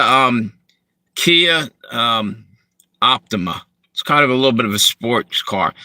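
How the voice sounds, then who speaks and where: Guy from delaware rambling on a live stream in his car, pretty bright tone, dry close sound. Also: on the low side, no echo. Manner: relaxed, rambling, reads out viewer comments. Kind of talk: casual live stream chat. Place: parked car.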